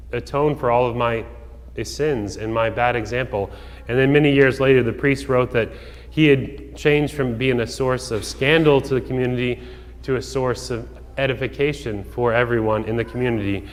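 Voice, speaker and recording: A man, a priest, giving a homily in a relaxed storytelling way, with casual asides and fillers. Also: medium pitch. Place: church. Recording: long church reverb.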